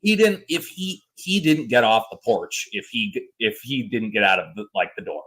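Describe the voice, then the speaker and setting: A man's voice: on the low side, normal speed, husky, rough recording. A man in his thirties co-hosting a podcast, telling stories in a loose, exaggerated way. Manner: animated, exaggerated storyteller. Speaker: podcast co-host. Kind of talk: casual storytelling chat.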